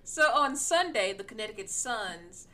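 A woman hosting a podcast in casual sports chat, animated and slangy, with a playfully incredulous manner. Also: medium pitch, moderate pace. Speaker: podcast host.

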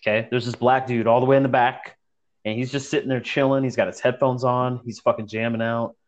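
A man's voice: mid-range voice, brisk, muffled recording. A young man casually telling a story to friends, profane and slangy, acting out the people he describes. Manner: profane, slangy, animated retelling.

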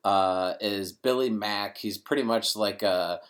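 A man's voice: lowish voice, measured pace, fairly bright tone. A man co-hosting a casual movie discussion, rambling and correcting himself as he talks. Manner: rambling, self-correcting, frequent laughs. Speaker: podcast co-host.

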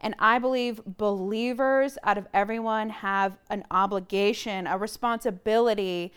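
Podcast guest, woman, earnest and searching for words, smooth voice, lapel mic. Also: medium pitch, steady tone, moderate pace, a bit bright. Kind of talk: casual conversation. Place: room shared with host.

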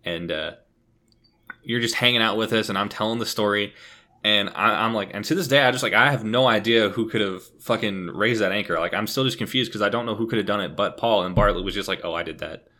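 A man's voice: fairly low pitch, quick pace, pushed and bright. A young man casually telling a story on a podcast, swearing freely and laughing often. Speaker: podcast co-host.

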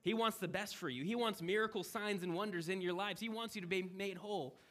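High-voiced young preacher, animated delivery. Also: male voice, fairly quick. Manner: animated, acts out quoted voices, swings between loud and hushed. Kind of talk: sermon.

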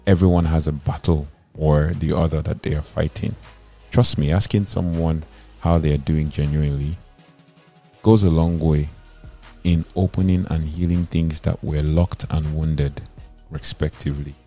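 A man's voice: rumbling low, fairly even intonation, moderate pace, dark tone. A man gives an earnest self-help talk point by point, sometimes restarting words mid-sentence. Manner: earnest, advising, numbered points. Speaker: motivational speaker. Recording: faint music underneath.

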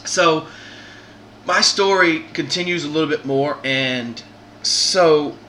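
Podcast host, male, keen storyteller, rambling and earnest, very bright, somewhat high voice. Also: slow, slight background noise. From Southern United States. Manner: earnest, rambling, many restarts.

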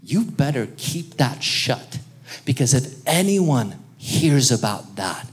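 A man preaching a sermon in a lively, conversational way, joking with the congregation and calling on them to respond. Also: mid-range voice. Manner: lively, conversational preaching with jokes and audience interaction. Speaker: pastor.

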